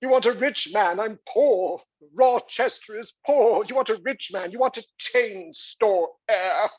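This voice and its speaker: A man's voice: sits high, big pitch swings, a little slow, dry recording, dull audio, pitched above the performer's own voice, heavily acted. A man playing a vain, boozy, rakish aging movie star with a put-on English accent and a flippant, posh showman's delivery.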